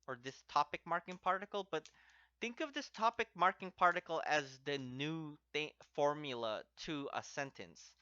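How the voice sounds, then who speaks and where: A man's voice: fairly high pitch, moderate pace, pushed and bright, smooth, dry recording. A man teaching a language lesson step by step, patiently repeating each example word twice as he explains. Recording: dry, slightly dull lo-fi recording.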